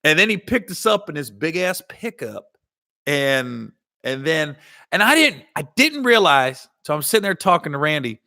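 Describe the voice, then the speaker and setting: A man's voice: fairly high pitch, very animated, normal speed, sharp tone, no echo, clean studio sound. A man hosting a comedy podcast in casual storytelling style, rambling and correcting himself, with a slight Ohio Valley twang.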